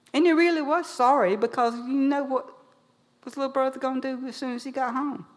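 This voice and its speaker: A woman storyteller telling a traditional animal tale to a live audience, animated and lively. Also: medium pitch, a little fast. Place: museum event hall. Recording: long hall reverb.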